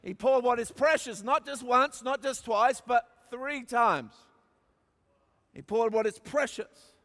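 An Australian man delivers a sermon in a strikingly high voice. He drops to quiet asides, then rises to shouted, emphatic peaks. A long hall reverb trails every phrase. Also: takes it slowly. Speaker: preacher.

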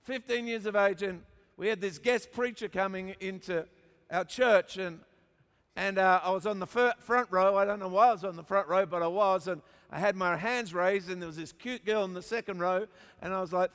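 A middle-aged man with an Australian accent, preaching a sermon as an animated storyteller who jokes with his congregation. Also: high-pitched, a little fast, clean tone. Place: large church auditorium. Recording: long hall reverb.

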